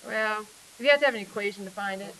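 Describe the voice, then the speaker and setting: A woman's voice: medium pitch, quick pace, fairly bright tone, a little hiss or hum, low-quality recording. A woman teaching a math class in a casual, chatty way, often asking questions and then answering them herself.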